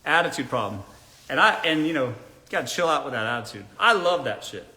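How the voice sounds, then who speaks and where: A man's voice: medium pitch, animated, fast, pushed and bright. A young man hosting a casual live Q&A from a room indoors. He reads viewer comments aloud, answers bluntly, jokes and often laughs. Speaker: live Q&A host. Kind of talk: casual live-stream chat. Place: indoor room lit by a ring light.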